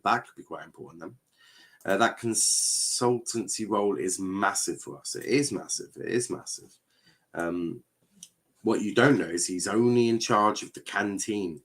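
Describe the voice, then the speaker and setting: Male football-show host, lowish voice, casual and rambling, heavy on fillers. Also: fairly bright tone. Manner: rambling, reads viewer comments aloud; hesitant, lots of fillers and restarts. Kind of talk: casual live-stream chat.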